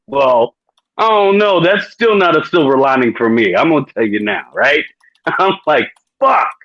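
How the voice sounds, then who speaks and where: A man's voice: fairly high pitch, no echo, highs cut off. A man hosting a podcast, telling a long crude story casually, swearing and laughing often. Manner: profane, laughing, animated storyteller. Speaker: podcast host.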